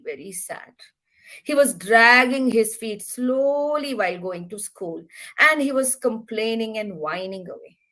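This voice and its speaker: Animated woman telling a children's story. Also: a little high, low-quality recording. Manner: expressive, animated, addresses listeners.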